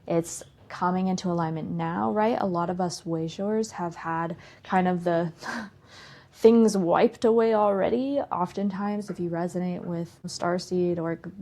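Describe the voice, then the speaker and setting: A woman's voice: medium pitch, warm tone. A woman hosting a spiritual self-help podcast, talking casually and frankly in a playful put-on country drawl and laughing often. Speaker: podcast host.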